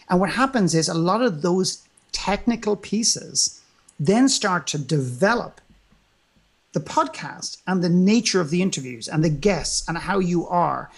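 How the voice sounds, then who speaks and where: A man with a high, gravelly, animated voice speaks at normal speed as a guest in a motivational interview. He is emphatic, leaning on rhetorical questions and repetition.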